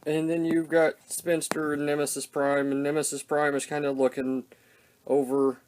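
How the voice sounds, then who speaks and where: A man's voice: a little high, level tone, normal speed, darkish tone, a little hiss or hum. An older man hosting a casual toy-review vlog, rambling and self-deprecating.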